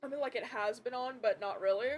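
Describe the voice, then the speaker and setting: A young woman streaming a game from home, chatting casually and swearing often, with loud outbursts. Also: fairly high pitch, fast talker, muffled recording, a little hiss or hum. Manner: swears a lot, loud outbursts while playing. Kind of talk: casual gaming stream chat. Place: home room with a computer.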